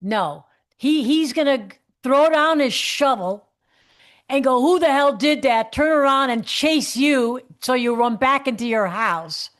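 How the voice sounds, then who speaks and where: A woman's voice: high voice, lively intonation, measured pace, a bit bright. Incredulous woman co-host. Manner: incredulous, protesting. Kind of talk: casual comedic chat.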